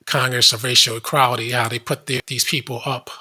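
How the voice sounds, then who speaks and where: A man's voice: mid-range voice, flat delivery, fairly quick, sharp tone, slightly rough. A man hosting a commentary show, casually reading web pages aloud with blunt asides. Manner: blunt, reads aloud from screen, frequent asides.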